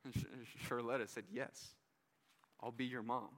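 Male pastor, casual and earnest preaching, bright voice, reverberant hall. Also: mid-range voice, little pitch movement, a little slow. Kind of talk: sermon.

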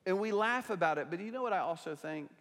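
Impassioned high-voiced pastor in a reverberant hall. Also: male voice, expressive, fast talker. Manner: impassioned preaching, swinging from loud to hushed. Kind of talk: sermon. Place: church sanctuary. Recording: long reverb of a large hall.

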